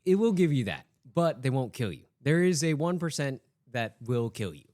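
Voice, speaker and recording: A man's voice: medium pitch, sing-song, moderate pace, darkish tone, dry recording, clean studio sound. A man guesting on a casual podcast chat, easygoing and joking.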